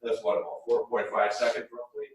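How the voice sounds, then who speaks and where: A man's voice: medium pitch, flat delivery, a little fast. A man giving a safety workshop to a live audience, folksy and joking. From Wisconsin-Minnesota border. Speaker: safety presenter. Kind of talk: workshop presentation. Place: large room with an audience. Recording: echoey hall from far off.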